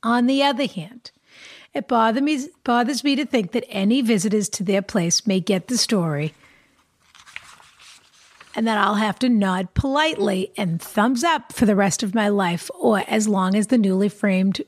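In clean studio audio with no room sound, a woman speaks in a mid-range voice at a normal pace. She's co-hosting an advice podcast, where she banters playfully, laughs easily, and reads aloud a letter from a listener.

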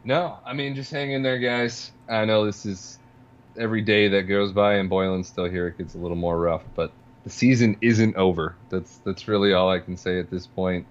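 A man's voice: fairly low pitch, fairly even intonation, normal speed, lo-fi sound. A man co-hosting a casual sports podcast, dry and sarcastic, chuckling through his points. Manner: dry, sarcastic, laughs while talking. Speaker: podcast co-host.

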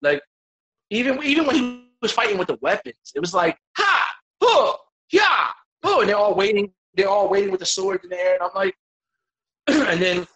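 High pitched dude on a podcast, cussing a lot, tripping over his words, all fired up. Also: fairly quick, low-quality recording. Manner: profane, excitable, stammering restarts. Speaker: podcast guest. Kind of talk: casual podcast chat.

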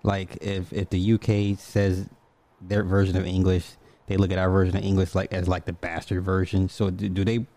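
A man in casual chat, relaxed and curious, laughing easily as he tells a story. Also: deep voice, moderate pace.

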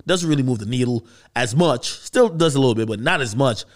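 Animated male podcast host. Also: mid-range voice, fairly quick. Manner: conversational, questioning, animated. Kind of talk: casual commentary.

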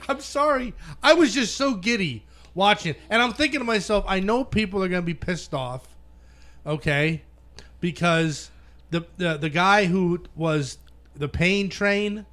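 A boastful man gloats to his friends and swears freely. His voice sits high for a man. It swings widely as he talks. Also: expressive, unhurried, a bit bright. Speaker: fantasy league winner. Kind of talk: casual banter among friends.

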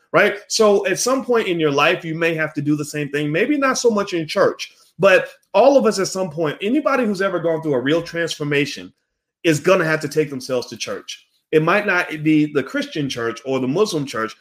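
A man hosting a casual commentary monologue, animated and profane, with many restarts. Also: on the high side, a little fast. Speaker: host.

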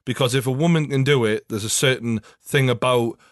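A man's voice: mid-range voice, a little fast, no echo, clean studio sound. A young man with a Geordie accent, hosting a podcast and telling rambling anecdotes in casual chat, swearing constantly. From North East England. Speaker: podcast host.

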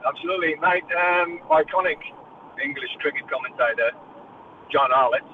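A man's voice: fairly high pitch, moderate pace, far from the mic, noisy background. A man calling in from his car, telling a jovial anecdote over a tinny phone line. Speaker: caller. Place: car on the road.

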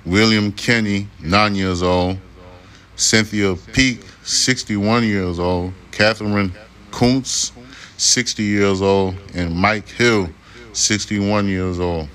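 On a podcast, a male host with a lowish, steady, slightly bright voice reads news aloud slowly. Between passages he breaks into irritated, profane rants.

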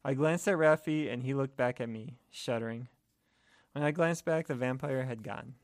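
A man's voice: medium pitch, no room sound. Man narrating a horror story, dry sound. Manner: steady, measured storytelling. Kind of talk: scripted first-person horror narration.

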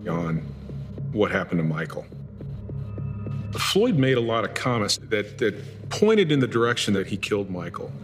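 A lower-voiced former FBI agent recounts an interrogation in a documentary interview. His telling grows animated and forceful. The voice carries a long reverb tail, with music playing clearly beneath. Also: normal speed, long pauses. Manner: animated storytelling, voice rising in intensity.

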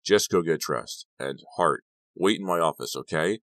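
A man's voice: low-pitched, animated, normal speed, fairly bright tone, dry recording, clean studio sound. A man reading an audiobook, voicing a short, paunchy middle-aged football coach who barks orders. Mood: gruff. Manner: barking orders.

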